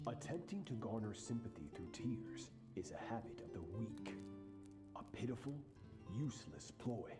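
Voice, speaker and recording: An actor playing a stern, ruthless male warrior master who speaks in a cold, measured, commanding way, heard in game audio over music. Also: medium pitch, sing-song, natural voice.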